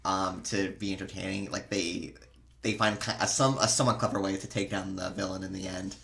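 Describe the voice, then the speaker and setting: A man's voice: low voice, fairly even intonation, fairly quick, vocal fry, a bit bright. A man giving a casual movie review, hesitant and full of fillers. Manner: hesitant, lots of ums and likes.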